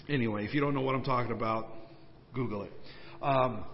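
A man preaching a sermon as pastor, swinging between raised, emphatic questions and hushed, slowed asides. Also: medium pitch, slight background noise. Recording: long church-hall reverb, dull lo-fi sound.

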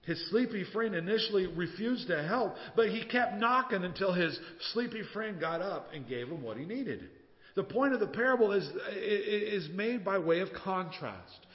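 A man preaching a sermon as a pastor, telling a story and acting out the voices in it with lively swings in loudness. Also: sits high, normal speed. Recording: dull sound with long reverb.

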